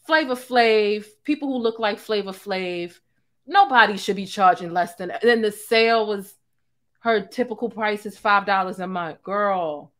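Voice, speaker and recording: A young adult woman hosting a live-stream, ranting in a sassy, profane, animated way with asides to her chat. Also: mid-range voice, unhurried. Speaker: host.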